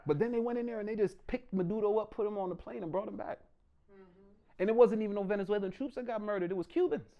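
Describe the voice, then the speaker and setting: A man doing a loud, animated stand-up comedy set in a small room, often slipping into mock voices. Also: sits high, quick pace, dull audio.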